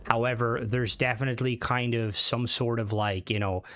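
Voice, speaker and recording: A young man with an Americanized Irish accent gives live gameplay commentary, rambling casually and swearing freely as he chats with viewers. His voice sits in a middle pitch and sounds dry and close to the mic. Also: steady tone, moderate pace, fairly bright tone, no room sound. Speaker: game streamer.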